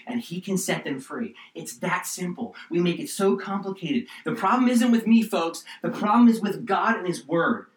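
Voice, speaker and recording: Preacher, male, fervent sermon delivery shifting loud to hushed; mic set back in an echoey room. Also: a little high. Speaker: pastor. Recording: roomy echo, distant mic.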